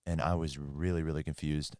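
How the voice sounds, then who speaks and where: A man's voice: a bass voice, level tone, fairly quick, a little mellow, no echo, clean studio sound. A man on a movie podcast, chatting casually and musing aloud, often repeating himself. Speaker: podcast co-host. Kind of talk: casual chat.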